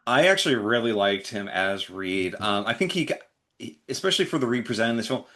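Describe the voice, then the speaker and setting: A man's voice: fairly low pitch, expressive, a little fast, a bit bright. A man co-hosting a podcast, talking casually and thoughtfully about a superhero movie with frequent hesitations. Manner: thoughtful, hesitant, many fillers. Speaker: podcast co-host. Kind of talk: casual movie review chat.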